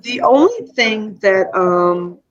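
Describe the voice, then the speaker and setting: A woman's voice: mid-range voice, very animated, takes it slowly, dull audio. A woman hosting a casual live stream, emotional and tearful, rambling and reading out viewer comments.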